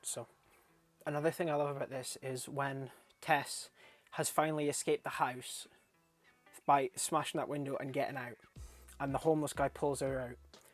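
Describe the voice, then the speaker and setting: In a casual film review vlog, a young man rambles along at an ordinary middle pitch, swearing freely and getting animated, laughing whenever something tickles him. Faint music plays quietly in the background.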